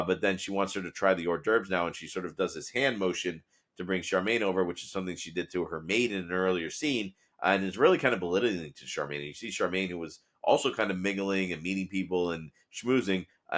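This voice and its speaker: A man with a low voice talks quickly through a casual podcast recap. He rambles and fills pauses with ums and uhs as he paraphrases scenes. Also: fairly bright tone. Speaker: podcast host recapping episodes. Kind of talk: casual analytical commentary.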